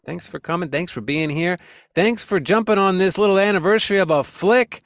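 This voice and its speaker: A man's voice: sits high, fairly quick, crowd noise. A man hosting a comedy podcast, joking loosely and riffing with his guests. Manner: jokey, slips into a put-on Italian-American voice. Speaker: podcast host. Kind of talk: casual comedic podcast banter.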